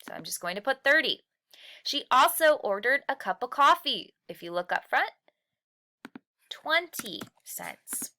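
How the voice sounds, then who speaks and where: Animated, bright-voiced woman teacher. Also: high-pitched. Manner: patient, explains step by step with rhetorical questions; stretches and slows key words for emphasis. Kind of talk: recorded lesson walkthrough.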